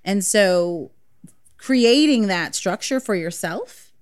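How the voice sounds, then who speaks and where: A woman's voice: medium pitch, lively intonation, takes it slowly, no room sound, studio quality. A woman in her thirties, a mother co-hosting a podcast, chatting casually with friends and laughing often. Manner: laughing, chatty, self-deprecating. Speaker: podcast co-host. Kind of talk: casual chat.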